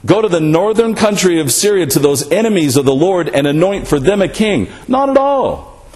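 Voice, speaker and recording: High-voiced man preaching a sermon. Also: lively intonation, brisk, darkish tone. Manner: asks rhetorical questions, often adds "right?".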